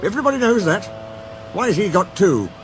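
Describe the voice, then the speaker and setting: A man's voice: high-pitched, very animated, fairly quick, music in the background, voice pushed up. A man voicing a vain, jealous male tender engine with a pompous, boastful manner.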